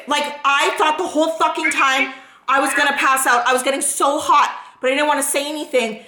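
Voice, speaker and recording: A young woman vlogger telling a story to friends in a casual, animated way, swearing freely and speeding up as she gets anxious. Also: sits high, brisk, reverberant, poor audio.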